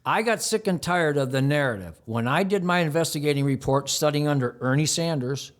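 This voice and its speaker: A man speaking a little higher than most men, answering interview questions in an emphatic flow. He rattles off long lists and breaks into mocking rhetorical outbursts. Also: expressive, brisk. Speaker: community television producer and host.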